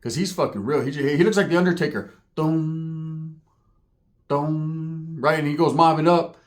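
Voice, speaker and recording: A man spinning a profane, comic story with lots of energy, tagging nearly every line with "right?". His voice sits a bit high for a man and swings widely as he acts out the other people in the story. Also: fast. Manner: animated, acts out characters, constant "right?" tags.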